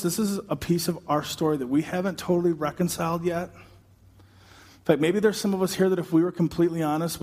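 A man preaching a sermon, dramatic and animated, acting out the voices of the people in the story. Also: on the high side, breathy edge. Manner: dramatic, acts out voices, builds to shouting. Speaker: pastor. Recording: long hall reverb.

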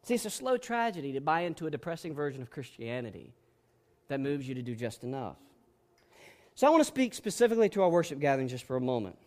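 High-voiced passionate man preaching. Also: very animated, fast, darkish tone. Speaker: pastor. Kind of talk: sermon.

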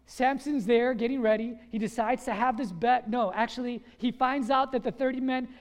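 A pastor preaching a sermon, animated and quizzing the congregation with questions. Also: mid-range voice, normal speed. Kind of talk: sermon with call-and-response questions. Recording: long reverb of a large hall.

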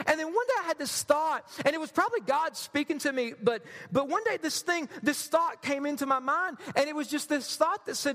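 A man's voice: extremely high pitch, animated, a little fast, few pauses, a bit bright, big-room sound. A man preaching a sermon as a pastor, addressing the congregation directly and with self-deprecating humor.

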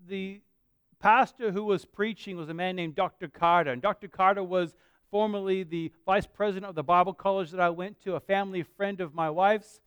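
Earnest Australian pastor with a clear voice. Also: male voice, high voice, no room sound, clean studio sound. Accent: Australian mixed with American. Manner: earnest, conversational preaching with dramatic pauses. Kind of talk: sermon.

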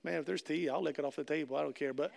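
A man's voice: on the high side, rapid-fire, vocal fry, darkish tone. A middle-aged man preaching a conversational sermon, asking the congregation questions and acting out little scenes with jokes. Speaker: pastor.

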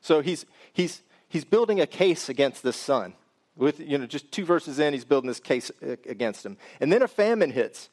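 A man's voice: fairly high pitch, very animated, normal speed, darkish tone. A man preaching a sermon, reading scripture and then explaining it in a conversational way that speaks directly to the congregation.

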